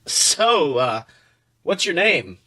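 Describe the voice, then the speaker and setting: Man playing awkward young guy, nervous, hesitant, bright voice. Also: fairly high pitch, big pitch swings, extremely slow, exaggerated voice. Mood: flustered.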